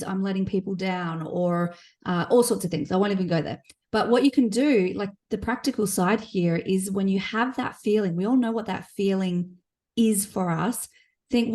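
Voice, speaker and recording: A woman's voice: medium pitch, a little mellow. Encouraging woman co-hosting a business podcast. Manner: encouraging, reflective, speaks in practical tips. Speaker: podcast co-host. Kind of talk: casual business podcast chat.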